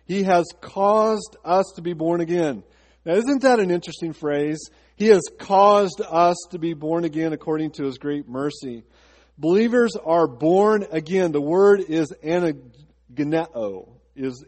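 In a church sanctuary with a long reverb tail, a male pastor preaches to his congregation, posing rhetorical questions before slipping into a chatty personal story. His voice is fairly high-pitched with a darkish tone.

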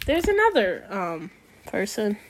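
A woman's voice: medium pitch, wildly swooping pitch, a little slow, a little hiss or hum. A woman hosting a casual podcast who reads a bedtime story aloud and often rambles off topic, peppering her talk with "like.". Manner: rambling, drifts off topic, frequent "like" fillers. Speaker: podcast host.

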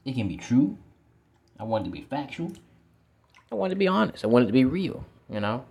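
A man's voice: medium pitch, sing-song, a little fast, gravelly, darkish tone, slightly rough. A man who works as a teacher, talking through his thoughts in a casual, reflective monologue outdoors, repeating words and swearing now and then. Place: outdoors with feet in water.

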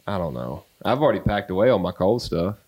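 Deep-voiced man, laid-back. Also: big pitch swings, quick pace, a crowd in the background. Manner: laid-back, brief replies. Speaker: podcast guest. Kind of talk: casual chat.

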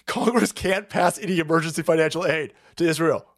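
A man with a high-pitched voice rants through a political livestream. He swears constantly and mocks his targets with sarcasm. He often swells into shouting. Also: very animated, normal speed. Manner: profane, sarcastic, mocking, swings into shouting. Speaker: political stream host. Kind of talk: ranting political commentary.

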